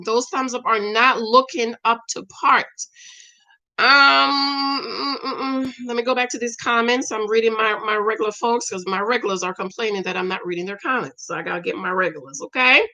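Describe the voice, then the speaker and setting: A woman's voice: a little high, normal speed, muffled recording. A middle-aged woman chats casually about a reality show and greets her regular viewers by name. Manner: animated, talks back to viewers by name. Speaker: commentary vlogger reading viewer comments. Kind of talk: casual chat.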